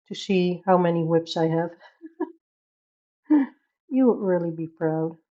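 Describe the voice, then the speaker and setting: A woman's voice: fairly low pitch, darkish tone, lo-fi sound. A woman from the Netherlands with a Dutch accent, chatting casually on a coloring live stream, reading chat aloud and laughing often.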